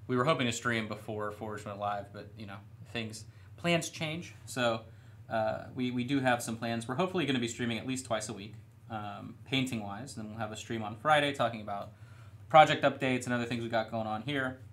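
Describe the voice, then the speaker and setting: A man's voice: mid-range voice, brisk. A young man chatting casually and rambling a little while he paints miniatures on a live stream. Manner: relaxed, rambling, self-deprecating. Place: studio room.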